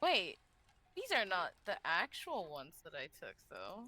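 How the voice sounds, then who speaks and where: Lively bright-voiced woman streamer. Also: lowish voice, a little slow. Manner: bubbly, laughs often. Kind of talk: casual gaming chat.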